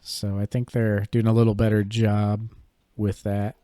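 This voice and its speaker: Mellow-voiced man in laid-back podcast chat. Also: lowish voice, a little slow, no room sound. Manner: relaxed, rambling, many fillers and hedges. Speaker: podcast co-host. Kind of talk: casual chat about collectible cards.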